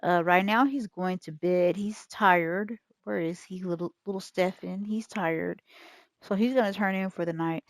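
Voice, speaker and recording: A woman's voice: fairly low pitch, a little slow, no room sound. A woman YouTuber giving chatty, casual gameplay commentary as she retells what her characters did. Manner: chatty, retelling the game's events. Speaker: gaming YouTuber.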